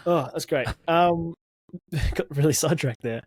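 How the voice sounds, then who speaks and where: A man's voice: on the high side, unhurried, a little mellow, no echo. Chatty, laughing man. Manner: laughs easily, chatty and self-mocking. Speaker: podcast co-host. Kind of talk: casual chat.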